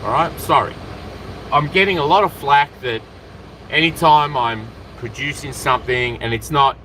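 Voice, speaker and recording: An Australian man chatting to camera outdoors in an excitable, rambling way, jumping between topics. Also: mid-range voice, normal speed, poor audio. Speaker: vlogger. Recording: outdoor street noise, traffic behind.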